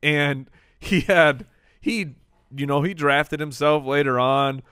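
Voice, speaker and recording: A man co-hosting a casual sports podcast, easygoing and quick to agree with the others. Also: fairly high pitch, fairly even intonation, a bit bright, clear, resonant tone, no echo, clean studio sound. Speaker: podcast co-host.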